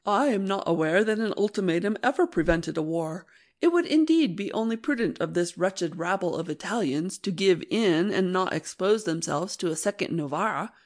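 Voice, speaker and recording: A woman reading an audiobook, voicing a blustering old male general who talks in a gruff, boastful, scornful way. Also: fairly low pitch, lively intonation, moderate pace, natural voice. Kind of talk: audiobook narration.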